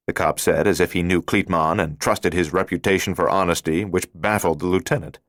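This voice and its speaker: A man narrating a thriller audiobook in a steady, measured reading voice. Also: low-pitched, no room sound, clean studio sound. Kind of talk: scripted narration.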